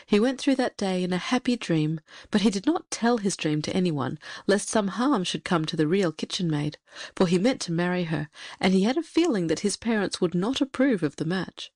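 A woman's voice: lowish voice, animated, normal speed, a little mellow, no echo, clean studio sound. Woman reading a fairy tale. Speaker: narrator.

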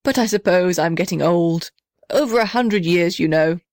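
Lady reading as a big old kindly tree, low-ish and hearty, dry sound. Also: moderate pace, a little mellow, no echo, natural voice.

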